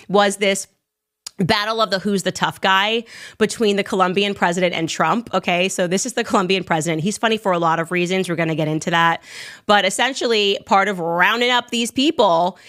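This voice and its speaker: A woman hosting a casual commentary show, talking in a sarcastic, animated way and laughing as she talks. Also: on the low side.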